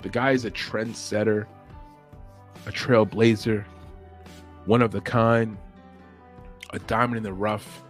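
A man's voice: on the low side, steady tone, slow pace, pauses often, faint music behind. A man hosting a podcast in a casual opinion chat, rambling, opinionated and chuckling as he talks. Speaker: podcast host.

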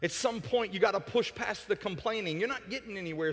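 Pastor guy preaching hard, high bright voice, lots of hall echo, stutters on restarts. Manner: impassioned, rising to near-shouting peaks then dropping to soft prayer; repeats words in quick restarts. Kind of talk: sermon. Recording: long hall reverb.

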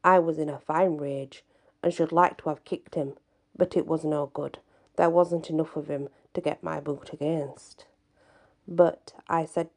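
A woman reading a folk tale aloud in the first person, in an unhurried, earnest way. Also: low-pitched, steady tone, darkish tone. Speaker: storyteller.

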